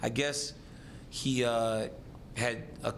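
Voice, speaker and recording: A fighter with a gravelly, mid-range voice casually tells a story slowly against a noisy background. He's animated, acting out the other people's voices and laughing between lines.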